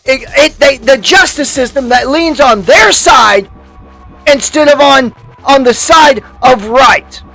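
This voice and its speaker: A man's voice: very high voice, takes it slowly, bright, forceful tone, soft background music. A man hosting a YouTube commentary, delivering a heated, profane rant full of restarts and angry outbursts.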